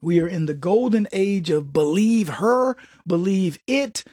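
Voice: mid-range voice, lively intonation, a little slow, dark tone, slightly rough, dry recording, studio quality. A commentator giving a sarcastic opinion monologue, mocking people and acting out quotes.

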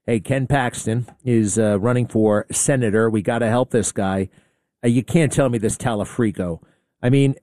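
A man runs an opinionated talk radio monologue, blunt and sarcastic, and often excitable. His voice sits at a middle pitch and sounds dry and close to the mic. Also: normal speed, no echo.

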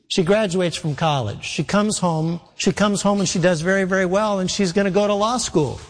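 A man's voice: high voice, normal speed, hardly any pauses. Preacher man in a reverberant hall. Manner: storytelling, emphatic repetition. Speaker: pastor. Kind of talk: sermon.

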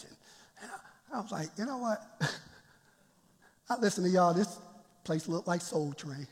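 A man's voice: sits high, expressive, moderate pace, pauses often, husky, long reverb tail. A man preaching a sermon as pastor in a church, laughing often and calling out to the congregation.

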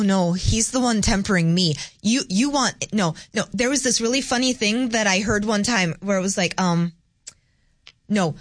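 A woman's voice: mid-range voice, no echo. A woman who is the guest co-host on a talk radio show, speaking in a blunt, emphatic, opinionated way in casual chat. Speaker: co-host, host's wife. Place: radio studio. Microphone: studio microphone.

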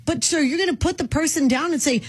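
A woman's voice: high voice, fast, no echo, clean studio sound. A middle-aged woman hosting a radio talk show, outspoken and emphatic with strong opinions. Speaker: radio host.

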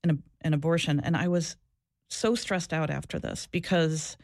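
Deep, creaky, and a little mellow, this woman's voice holds a fairly even intonation at normal speed. She's a former social worker being interviewed, candid, earnest, and reflective, often starting over and repeating herself, captured in a dry, studio-quality recording.

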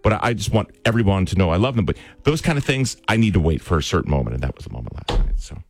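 A man's voice: low voice, very animated, racing, vocal fry, background noise. A man hosting a radio talk show, telling a personal story in a casual, earnest, joking way.

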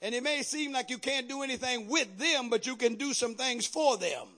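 A male pastor preaching a sermon with fiery energy, shouting at the peaks and dropping in repeated amens. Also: extremely high pitch, normal speed.

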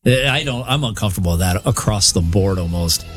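A man's voice: fairly low pitch, animated, fairly quick, music in the background. Blunt, matter-of-fact male co-host. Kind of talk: casual radio show banter.

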